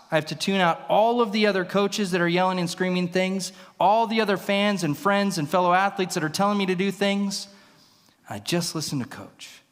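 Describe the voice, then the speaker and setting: A man's voice: high-pitched, fairly bright tone. A male pastor telling a story in a sermon, vividly acting out the voices in it. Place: church sanctuary. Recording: long reverb in a church hall.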